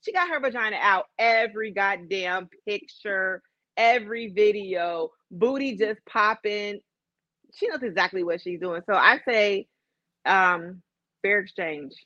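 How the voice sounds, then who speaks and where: A woman's voice: medium pitch, unhurried, bright, forceful tone, no echo, highs cut off. A woman from Chicago co-hosting a casual chat, candid and profane, laughing through her stories. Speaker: podcast co-host.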